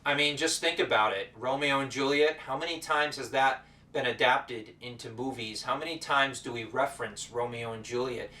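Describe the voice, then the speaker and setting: A man teaching as the host of an educational show, talking in a playful, energetic showman style with repeated greetings. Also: medium pitch, normal speed, hardly any pauses, slight background noise. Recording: roomy echo, voice distant from the mic.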